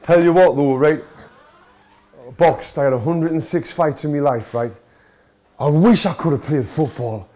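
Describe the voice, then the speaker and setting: A man's voice: on the high side, a little slow, warm tone, no echo. A man in his thirties with a Sunderland accent, talking casually and emotionally in a vlog from a football stadium. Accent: Sunderland (Mackem). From Sunderland, England. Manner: emotional, chatty, self-mocking. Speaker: boxing coach and vlogger.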